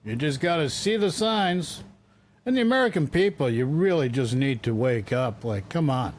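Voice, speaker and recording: A man's voice: mid-range voice, animated, normal speed, a little hiss or hum. A man hosting a political commentary show, talking casually and sounding exasperated, often repeating his points.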